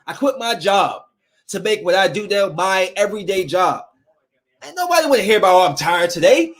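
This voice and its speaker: A man's voice: sits high, animated, a little fast, a bit bright. A man hosting a podcast, ranting in a heated, preachy way and scolding his listeners. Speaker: podcast host. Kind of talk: opinionated casual podcast rant.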